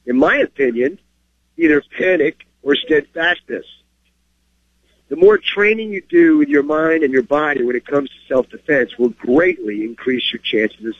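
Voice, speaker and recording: A man's voice: fairly high pitch, dry recording, highs cut off. Plain-spoken man teaching gun-carry rules. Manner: plain-spoken, emphatic, checks in with "okay?". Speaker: firearms instructor and show host. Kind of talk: instructional talk and story reading.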